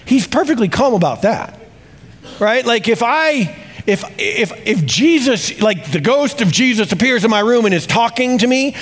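A male pastor preaching a sermon in a confessional tone, swinging between hushed reflection and exclamation. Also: extremely high pitch, animated, moderate pace.

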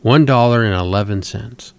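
A man's voice: lowish voice, moderate pace, dry recording, natural voice. A man voicing an earnest, determined eight-year-old girl in a read-aloud story, sounding insistent and pleading.

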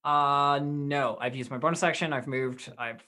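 An upbeat player in a tabletop game who cheers teammates on and narrates their own attacks with gusto. The tone is bright and crisp, at a middle pitch. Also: fairly even intonation, measured pace. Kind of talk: casual tabletop game chat.

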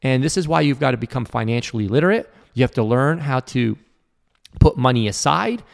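Hosting a motivational podcast, this man talks earnestly to entrepreneurs like a coach, performing the voices of those he quotes. His medium-pitched voice is animated and fairly quick, with vocal fry.

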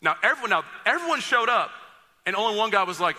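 A man's voice: high-pitched, big pitch swings, fast talker, sharp tone. A man preaching a sermon as pastor, talking in a conversational, joking and direct way to his congregation. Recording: long reverb of a large hall.

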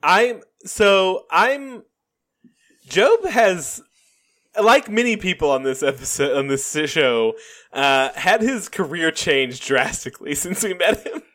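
A young man co-hosting a podcast, excitable and profane while recapping a show. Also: sits high, slow. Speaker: podcast co-host. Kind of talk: casual recap chat.

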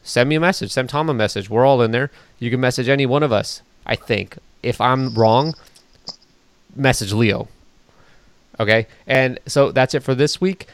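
A man's voice: mid-range voice, normal speed, clean tone, dry recording. A man hosting a podcast, casual chat with a joking, teasing manner. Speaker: podcast host.

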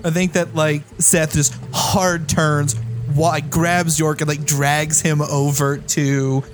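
A man playing in a tabletop game, describing his moves in a quick, playful way. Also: on the high side, little pitch movement, noisy background. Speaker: player. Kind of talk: casual tabletop play.

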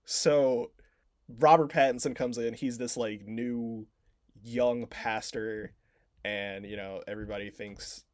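A man's voice: medium pitch, fairly even intonation, slow, darkish tone, no room sound, studio quality. A man co-hosting a podcast, casually retelling a film plot in a rambling way, full of filler words and swearing. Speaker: podcast co-host.

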